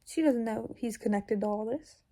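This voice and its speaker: A woman's voice: a little high, normal speed, mellow. A woman recounting a dream in casual, rambling storytelling, full of fillers and sometimes dropping into whispers. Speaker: YouTuber.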